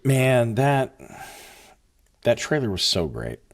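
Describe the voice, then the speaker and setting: A man co-hosting a movie podcast, talking in a relaxed, rambling way. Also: medium pitch, takes it slowly. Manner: laid-back, rambling, full of fillers. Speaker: podcast co-host. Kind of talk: casual movie chat.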